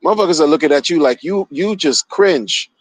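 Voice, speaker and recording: A man's voice: a little high, brisk, no echo, poor audio. A man streaming casual commentary, mocking and profane, repeating himself as he rants. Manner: animated, mocking, profane, repetitive.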